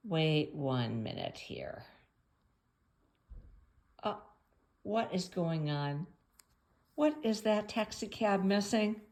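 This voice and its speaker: A woman reading a picture book aloud at home for children, playful and chatty, pausing to ask the listener questions. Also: on the low side, big pitch swings, darkish tone.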